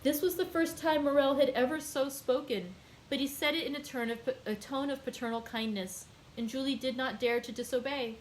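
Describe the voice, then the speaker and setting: A woman's voice: sits high, brisk, a little hiss or hum, poor audio. Woman reading a classic novel aloud. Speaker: librarian hosting a daily read-aloud.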